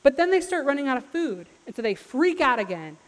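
A woman preaching a sermon, retelling scripture in a casual, lively storytelling manner with playful asides. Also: high-pitched, brisk. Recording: long hall reverb.

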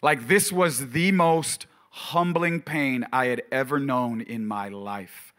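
A middle-aged man preaching, retelling a personal story in a conversational way, full of fillers, and dropping suddenly quiet for emphasis. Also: mid-range voice, slow pace. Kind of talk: storytelling sermon.

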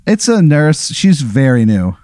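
A man leads an improvised comic scenario as game master, his pitch swinging in a lively way as he sets scenes. His voice is mellow and the sound is dry and close. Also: measured pace, no echo. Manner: animated, scene-setting storyteller. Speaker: game master of a comedy hypothetical. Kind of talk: improvised comedic narration.

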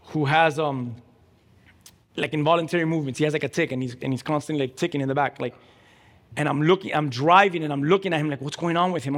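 A man preaching a sermon, emphatic and energetic, telling a story with lively quoted voices. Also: a little high, big-room sound. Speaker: pastor.

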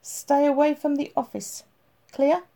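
A woman voicing a gruff male police chief who is firm and blunt with his detective, in an audiobook reading. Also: fairly high pitch, a little fast, dark tone.

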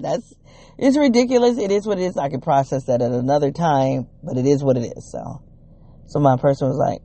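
Vlogger narrating a personal story with animated quoted dialogue, gravelly fry and a mellow, dark tone. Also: mid-range voice, a little fast. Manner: animated retelling with quoted dialogue, many "you know"s and restarts.

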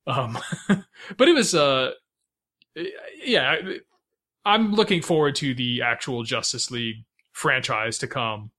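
A medium-pitched man speaks slowly with a bright, forceful tone while co-hosting a podcast. He chats about films in a rambling, casual way, full of fillers and restarts, and laughs often.

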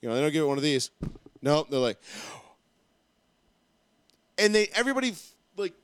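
A young man co-hosting a casual chat show, swearing freely and telling stories with animated energy. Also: fairly high pitch, very fast, clean tone, no room sound. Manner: profane, animated storytelling. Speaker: podcast co-host.

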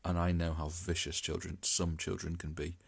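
A man co-hosting a casual podcast, wry and measured. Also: deep voice, flat delivery, gravelly, breathy edge. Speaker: podcast co-host. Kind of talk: casual chat.

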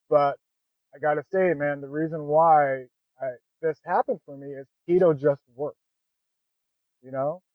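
A man's voice: fairly high pitch, no echo. A man as a podcast guest, telling his own story in a candid, conversational way and often adding "man" and "you know". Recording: dry, phone-like narrow sound.

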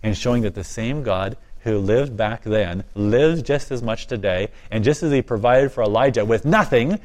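An earnest man speaks as an interview guest, his voice sitting at an ordinary middle pitch. He talks with eager enthusiasm, often laughing lightly between his points. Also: moderate pace. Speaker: guest, ministry volunteer and author. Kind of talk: interview conversation.

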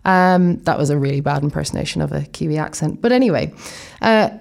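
A woman's voice: low-pitched, lively intonation, fairly quick, vocal fry, darkish tone. A young Irish woman from Ireland, chatting casually in a vlog and rambling through plenty of asides as she explains things. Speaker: vlogger.

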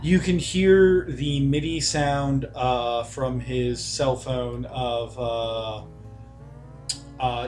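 A game master narrating and running a tabletop game in a relaxed, descriptive way. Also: medium pitch, drawn-out words, faint music behind.

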